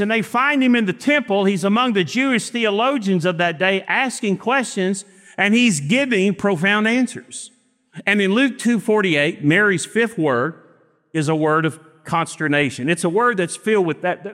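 A man, preaching a sermon and telling stories with acted-out dialogue and slow, emphatic phrasing. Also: high voice, sharp tone. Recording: long reverb of a church hall.

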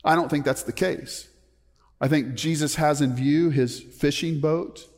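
A man's voice: fairly high pitch, fairly even intonation, measured pace. A man preaching a sermon as a pastor, emphatic, often putting questions to the congregation. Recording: long reverb of a large hall.

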